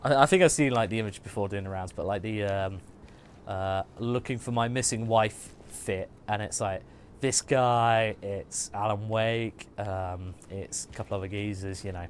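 A man's voice: lowish voice, moderate pace, a little hiss or hum. Chatty man streaming a game. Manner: chatty, jokey, mutters asides to himself. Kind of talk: casual gaming commentary.

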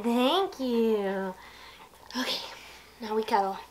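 Calm woman vlogging at home. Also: a little high, a little slow, slight background noise. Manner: calm, explains steps plainly, breaks off to praise her dog softly. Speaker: vlogger filming her service dog. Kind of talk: casual vlog narration. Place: at home, lying down. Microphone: camera set low nearby.

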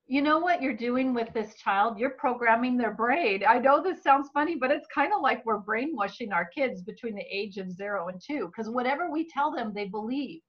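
A woman with a fairly high voice teaches in an earnest, expressive way, a little hoarse from a long talk. The recording is dull and lo-fi, with the top end muffled. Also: normal speed, hardly any pauses. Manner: earnest and expressive, acting out what parents say to children. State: slightly hoarse, clearing her throat. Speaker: Bible-based mental health teacher.

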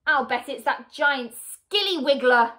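A woman's voice: high voice, lively intonation, measured pace, sharp tone, full character voice. Woman doing a sneering nasty old man. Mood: teasing. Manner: sneering, teasing.

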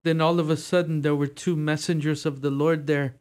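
A man's voice: fairly high pitch, little pitch movement, fairly quick, darkish tone. A man, a priest, giving an earnest and encouraging reflection to a prayer group.

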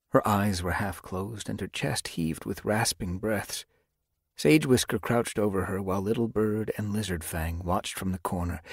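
A man narrating an audiobook in a measured storytelling manner. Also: sits low, husky, no room sound, clean studio sound. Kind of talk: scripted narration.

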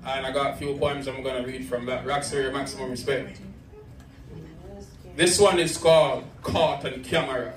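A man's voice: medium pitch, steady tone, moderate pace, roomy sound, far from the mic, slight background noise, low-quality recording. A man from Jamaica with a Jamaican accent, performing spoken-word poetry in a rhythmic, rhyming delivery at a bar. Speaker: performance poet. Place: bar with live audience.

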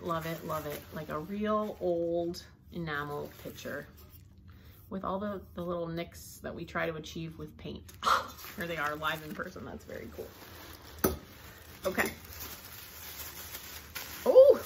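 A woman's voice: low-pitched, fairly bright tone, slight background noise. A woman vlogging at home as she unboxes mailed gifts, gasping and exclaiming over each item. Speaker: thrift vlogger opening mail. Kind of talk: casual unboxing chat. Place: home, indoors.

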